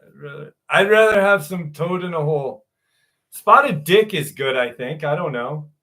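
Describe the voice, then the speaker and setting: A male livestream host with a fairly high, bright and forceful voice. He rambles, jokes and laughs at himself in loose chat, then reads viewer stories aloud. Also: expressive, moderate pace.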